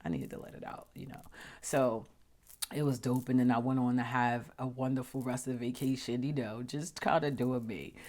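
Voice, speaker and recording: Woman with a low voice doing a casual vlog, emphatic and chatty, slips into whispers. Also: moderate pace. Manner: emphatic and animated, often dropping to a hushed whisper; repeats words and restarts while she talks. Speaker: vlog host. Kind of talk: casual heartfelt vlog talk.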